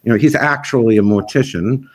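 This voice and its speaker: A man's voice: mid-range voice, a little fast. A man who organizes a festival, chatting in an interview in a rambling, frank and opinionated way. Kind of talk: casual interview chat.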